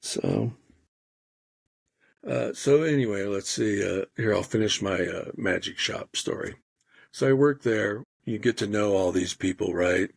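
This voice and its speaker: A man telling animated stories in casual podcast chat, swearing freely and acting out what people said. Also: on the low side, a little slow, gravelly, breathy edge, dry recording. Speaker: podcast guest storyteller.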